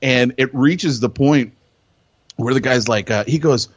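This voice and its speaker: Male podcast co-host, animated storyteller, slightly lo-fi dry audio. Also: mid-range voice, unhurried, no echo. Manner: excitable, acts out quotes loudly, repeats himself.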